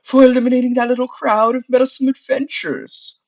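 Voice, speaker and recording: A man voicing a sultry, mocking sorceress who is a woman, pushed high into a falsetto. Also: little pitch movement, a little fast, a little mellow.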